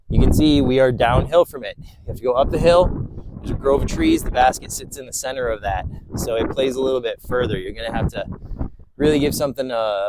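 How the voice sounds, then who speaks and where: A man talks his way around an outdoor course, describing holes in a relaxed, explanatory way between throws. His voice sits at an ordinary middle pitch, a little winded from climbing hills, with a faint hiss of wind in the open air behind him. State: out of breath. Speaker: disc golf vlogger. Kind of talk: casual course walkthrough commentary.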